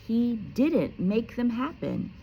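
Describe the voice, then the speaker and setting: A woman teacher reading a children's book aloud with lively expression and casual, chatty asides. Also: fairly high pitch, slow pace, vocal fry, highs cut off, a little hiss or hum. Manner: animated, casual, self-correcting.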